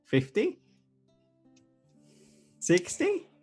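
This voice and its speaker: A man's voice: high voice, huge pitch swings, dark tone, breathy edge, faint music behind. A man playing a tabletop game who teases the others and laughs a lot over a voice call. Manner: teasing, quick-witted, laughing. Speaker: player. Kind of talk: casual banter over a voice call.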